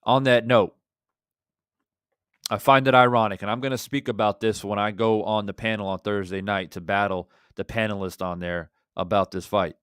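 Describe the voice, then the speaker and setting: A man hosting a fan reaction channel, talking in an impassioned, rhetorical way that swings between loud and quiet. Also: fairly low pitch, steady tone, normal speed, clean tone, no room sound, clean studio sound. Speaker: boxing channel host.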